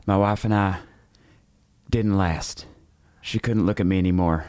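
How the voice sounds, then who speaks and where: A man playing a deadpan, deep-voiced wax museum owner. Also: measured pace, dry recording, clean studio sound. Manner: flat, terse, matter-of-fact delivery. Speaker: improv guest character. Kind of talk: improvised comedy character monologue.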